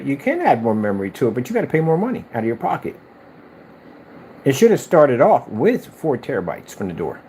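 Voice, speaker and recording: A man's voice: medium pitch, fairly quick, a little hiss or hum. Exasperated man ranting about consoles. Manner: exasperated, animated ranting with mocking put-on quotes. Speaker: gaming video host. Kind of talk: ranting commentary over clips.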